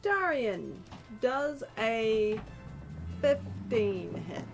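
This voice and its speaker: A woman's voice: on the high side, sing-song, drawn-out words, creaky. A woman running a tabletop game as game master over an online call, upbeat and chatty, laughing easily. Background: faint background music.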